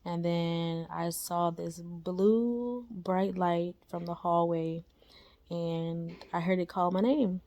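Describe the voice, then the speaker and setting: A young woman with a low voice and a gravelly, fry-edged texture tells her own story in a loose, conversational way. She leans on slang, fillers and quick tag questions, and the delivery stays unpolished. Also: steady tone, mellow. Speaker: storyteller sharing a spiritual experience. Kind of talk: casual personal storytelling.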